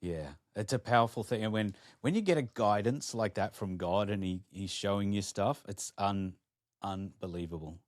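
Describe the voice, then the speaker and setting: Deep-voiced enthusiastic male host. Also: normal speed, no room sound, clean studio sound. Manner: enthusiastic, affirming. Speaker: podcast host. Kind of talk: interview.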